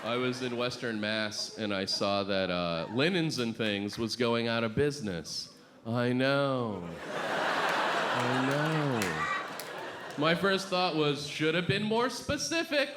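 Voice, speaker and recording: A man doing a stand-up set with a halting, deadpan delivery full of fillers and restarts. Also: mid-range voice. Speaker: stand-up comedian. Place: comedy club stage before a live audience. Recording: loud crowd laughter and noisy club ambience.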